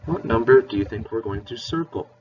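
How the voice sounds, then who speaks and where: A mid-range male voice with lively intonation and a brisk pace leads a playful, encouraging math lesson for children, spelling out words. He sounds far from the mic, and the lo-fi recording is dull with a faint hiss.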